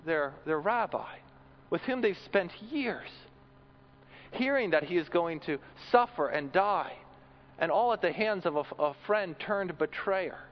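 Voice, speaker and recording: A man's voice: sits high, expressive, a little slow, muffled recording, slight background noise. A man preaching a sermon in an earnest way, often repeating words as he builds a point.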